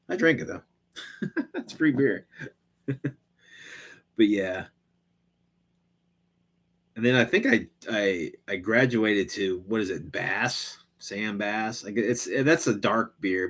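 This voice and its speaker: A man chatting on a live stream, swearing freely as he rambles. He stumbles through fillers and restarts, and his pitch swings up and down with lively energy. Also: slow pace, long pauses, breathy edge. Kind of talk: casual live-stream chat.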